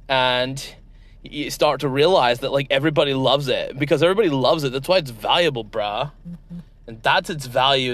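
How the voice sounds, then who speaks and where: A man's voice: medium pitch, lightly acted. Man doing a ditzy valley-girl crypto bro, like-this like-that, bro every line. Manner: valley girl slang, says like and bro constantly. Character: parody of a crypto investor, valley-girl talk. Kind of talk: comedy sketch impression.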